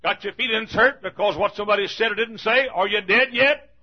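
A man preaching a fiery sermon in a church, repeating his lines and rising to shouts. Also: sits high, a little fast, lo-fi sound.

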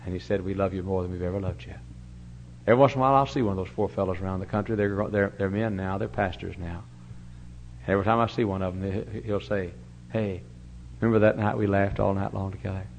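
An older male pastor preaching a sermon in a fairly low voice. He tells stories and swings from booming emphasis to quiet asides. The recording is dull and lo-fi, with a faint hum underneath. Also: quick pace. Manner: storytelling, animated swings from loud to hushed. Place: church sanctuary.

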